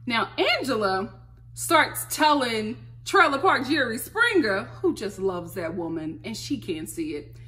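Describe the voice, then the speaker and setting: A woman's voice: a little high, big pitch swings, unhurried, sharp tone. A woman vlogger recapping a reality show in casual, gossipy commentary, laughing often and recording on her phone.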